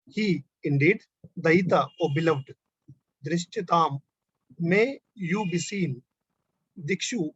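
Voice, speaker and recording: A man reciting word-by-word meanings of a verse in a measured, even way. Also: fairly high pitch, husky, dry recording. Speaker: class participant reciting meanings. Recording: dry, dull lo-fi sound.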